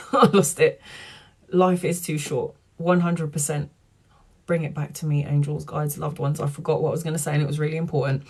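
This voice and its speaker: A woman's voice: low-pitched, flat delivery, brisk, dark tone, breathy edge. Earnest chatty woman tarot reader. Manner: chatty, earnest, addresses viewers as guys. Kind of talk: live-stream spiritual talk.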